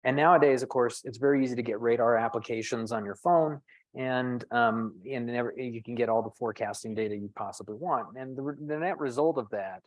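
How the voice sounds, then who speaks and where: A man's voice: medium pitch, no room sound, poor audio. A middle-aged man, a physician and storm chaser, talking thoughtfully at a panel discussion, self-deprecating and restarting his phrases often.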